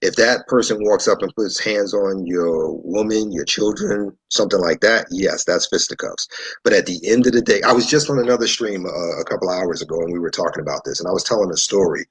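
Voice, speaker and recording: A man from New York, a show guest, telling a story in a relaxed, conversational way and acting out what people said. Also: low-pitched, a little fast, husky, low-quality recording. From New York, USA. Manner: animated storyteller who acts out dialogue.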